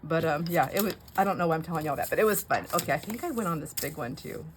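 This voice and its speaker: A woman's voice: deep voice, lively intonation, fast talker, slight background noise. A middle-aged woman chatting casually while she crafts, rambling through a story with frequent "anyhow"s. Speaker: craft vlogger.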